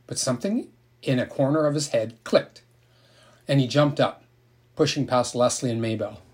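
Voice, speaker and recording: A man reading a children's novel aloud in a steady, gentle storytelling manner. His voice is husky and sits at an everyday middle pitch. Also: moderate pace. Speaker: narrator. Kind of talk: audiobook reading.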